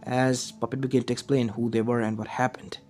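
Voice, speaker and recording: A man's voice: medium pitch, level tone, fairly quick, a little mellow, faint music behind. Man narrating a fan story. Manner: plain, run-on storytelling.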